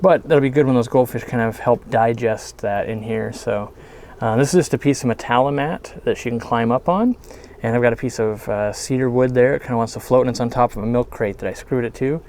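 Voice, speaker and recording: Easygoing male vlog host outdoors, chatty and unpolished, mid pitch. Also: a little fast, a little hiss or hum. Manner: relaxed, rambling, many fillers and restarts. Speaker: aquarium shop owner and channel host. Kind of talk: casual outdoor walkthrough vlog. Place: outdoors by a garden pond.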